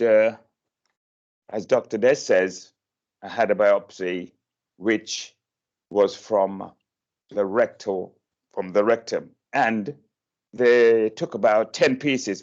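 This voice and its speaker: A man telling his own story to an online meeting, hesitant and emotional, with many pauses and fillers. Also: medium pitch, lo-fi sound. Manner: slow and hesitant, many uhs, emotional and animated when quoting. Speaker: guest speaker sharing his experience.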